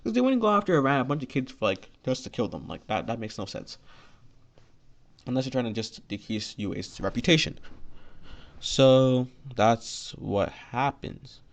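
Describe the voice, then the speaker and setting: A man's voice: mid-range voice, animated, moderate pace. A man improvising a fan story aloud, rambling and filling gaps with "you know" and "like.". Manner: rambling, heavy with 'you know' and 'like'. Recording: dull lo-fi recording.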